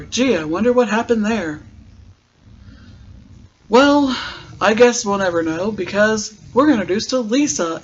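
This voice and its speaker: A man with a notably high voice talks through a TV episode in a loose, joking podcast recap, wandering off into asides. The sound is dull and lo-fi, with a faint hiss underneath. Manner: chatty, joking, rambling asides.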